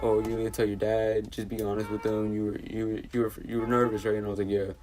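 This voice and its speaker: A man's voice: on the low side, little pitch movement, fast, darkish tone, a little hiss or hum. A teenage young man from New City, telling an exasperated storytime vlog full of fillers and restarts. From New York City. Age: teens. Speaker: vlogger.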